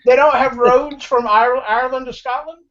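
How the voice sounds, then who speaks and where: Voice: high voice, fairly even intonation, normal speed, fairly bright tone. Teasing American voice on a call. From United States. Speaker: panel guest. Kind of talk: casual chat. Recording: dull lo-fi call.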